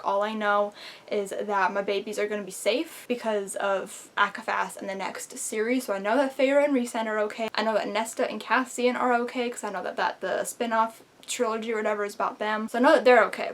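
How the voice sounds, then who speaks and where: A young woman chatting in a casual reading vlog at home, excitable and chatty, swearing casually. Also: mid-range voice, a little hiss or hum. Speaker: book vlogger. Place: at home, indoors.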